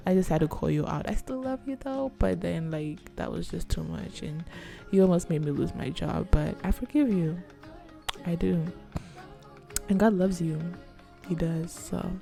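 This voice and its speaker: A young woman vlogger telling a story in a casual, soft-spoken ASMR style, chatty and peppered with "like". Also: fairly low pitch, gravelly.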